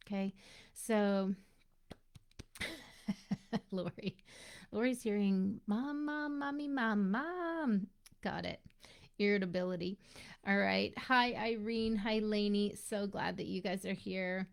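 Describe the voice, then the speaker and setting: Gravelly-voiced woman coaching mothers live. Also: mid-range voice. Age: adult mother of young children. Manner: chatty, greets viewers by name and speaks to them directly. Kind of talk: live-streamed coaching talk.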